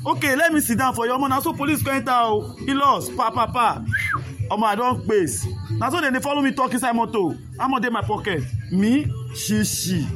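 His pitch is very high and his pace quick: a Nigerian-accented man appeals emotionally to his listeners in repetitive street speech. The voice competes with loud background music.

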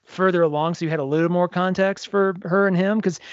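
Guy with a high voice, chatty podcast cohost, acts out bits, dry dull mic. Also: quick pace, no room sound. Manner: animated, acts out scenes in quoted voices. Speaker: podcast co-host. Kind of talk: casual chat.

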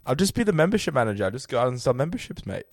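A man's voice: medium pitch, very animated, racing, a little hiss or hum. A man co-hosting a podcast in casual chat, upbeat and joking, laughing often. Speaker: podcast co-host.

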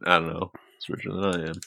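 A man's voice: deep voice, little pitch movement, a little fast, vocal fry, bright, forceful tone. A man playing in a tabletop game, teasing the others and laughing often. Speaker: player. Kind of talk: casual banter before a tabletop game.

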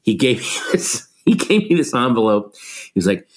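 A middle-aged man with a lowish voice tells stories as a comedian guest. He talks in a lively, conversational way, acting out other people's lines as he goes. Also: fast talker. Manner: animated anecdotes with quoted voices. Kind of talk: conversational storytelling.

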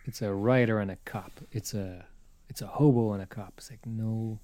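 A man's voice: lowish voice, brisk, mellow, dry recording. A man co-hosting a podcast in casual chat, wry and teasing. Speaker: podcast co-host.

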